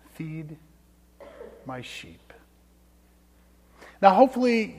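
Male pastor, high voice, conversational sermon with hushed asides, echoing sanctuary. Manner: conversational storytelling, dropping to hushed tones for emphasis. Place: church sanctuary. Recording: long church reverb.

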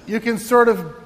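A man's voice: very high voice, in a large hall, slight background noise. A male pastor preaching a sermon in a church, playful and joking with his congregation.

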